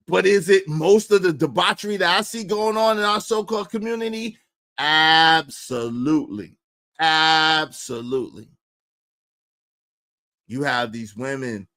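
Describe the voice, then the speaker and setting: A man's voice: medium pitch, fairly bright tone. A man hosting a livestream who talks in a preachy, emphatic way and repeats lines for effect. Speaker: livestream host. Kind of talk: opinionated streaming rant.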